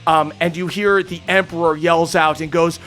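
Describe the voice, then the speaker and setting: A man narrating a tabletop game as game master, casual and energetic, with many fillers. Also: a little high, moderate pace, soft background music.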